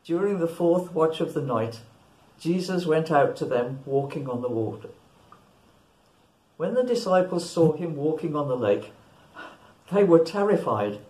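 Slow, careful woman reading scripture. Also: sits low, lively intonation, warm tone. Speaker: scripture reader. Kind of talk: Bible reading. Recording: echoey church room.

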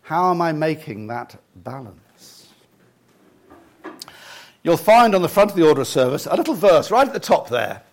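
An older man delivers a church sermon with a fairly high voice. He speaks in a reflective, halting way and often restarts his sentences. When he recites lists he slows down and goes soft. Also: very animated. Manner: leads the congregation through lists in a soft slow voice. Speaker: preacher.

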